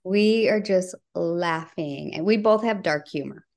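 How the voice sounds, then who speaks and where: A middle-aged bereaved mother, appearing as a podcast guest, earnestly tells a personal family story and acts out the dialogue. She speaks at a measured pace with vocal fry and a darkish tone, her voice dropping low at the heavy parts.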